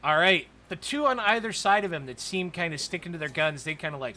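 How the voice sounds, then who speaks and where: A man narrating a tabletop role-playing game as dungeon master, in a casual, halting way. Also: fairly high pitch, lively intonation, bright, forceful tone. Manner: casual, hesitant with fillers.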